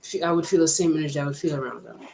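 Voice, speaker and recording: A woman with a mixed American and Jamaican accent, talking to camera in a personal vlog, reflective and halting as she thinks aloud. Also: sits low, gravelly, mellow, a little hiss or hum, rough recording. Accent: mix of American and Jamaican. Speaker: vlogger.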